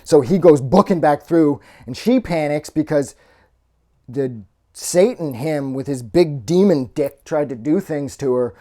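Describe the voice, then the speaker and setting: Male movie reviewer, mellow low tone, loose and profane off-the-cuff delivery. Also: a little slow. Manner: rambling and heavily profane; loose, with many fillers and trailing restarts. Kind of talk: casual spoken movie review.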